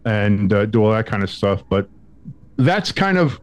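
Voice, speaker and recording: A young man co-hosting a sports podcast, telling a story in casual chat, acting out quotes with big swings in pitch and some swearing. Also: sing-song, a little slow. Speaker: podcast co-host.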